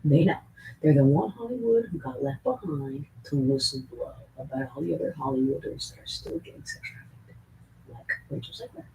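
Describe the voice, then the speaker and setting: A woman streamer rambling in a casual unscripted rant, swearing often and jumping between whispers and loud bursts. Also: sits low, very animated, fairly quick, background noise.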